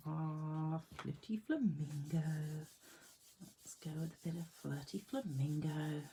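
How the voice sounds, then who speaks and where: A woman's voice: low-pitched, slow pace, vocal fry, mellow, a little hiss or hum. A woman demonstrating card making in a casual tutorial at her home craft desk, chatting to herself and her tools and laughing at her own jokes.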